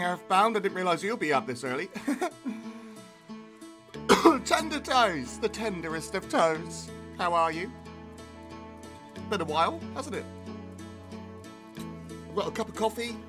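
A man, streaming a game and chatting casually in a rambling way that swears freely. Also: sits high. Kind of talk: casual gameplay stream chat. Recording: game music playing behind.

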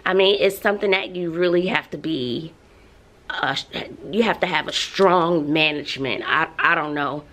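Expressive woman teacher talking to camera. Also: low-pitched, normal speed. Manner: expressive, ranting, sighs and laughs often. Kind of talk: casual vlog talk to camera.

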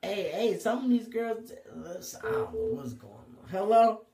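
A woman with a Philadelphia accent hosting a live call-in talk show, loud and hyped, shouting to her callers. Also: medium pitch, big pitch swings, normal speed, roomy sound. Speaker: radio talk show host.

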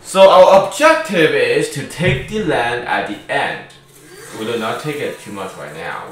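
Rambling gamer with a distant echoey mic. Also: male voice, mid-range voice, a bit bright, slight background noise. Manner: rambling, self-correcting, joking. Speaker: gaming YouTuber. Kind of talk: casual let's-play commentary. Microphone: far from the speaker.

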